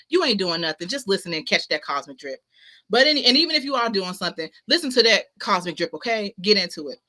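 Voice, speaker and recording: A woman with a mid-range, pushed, bright voice hosts a spiritual talk show as a casual motivational livestream from her home setup, lit by a ring light and streamed webcam-style. She preaches self-worth emphatically, using slang and lots of repetition.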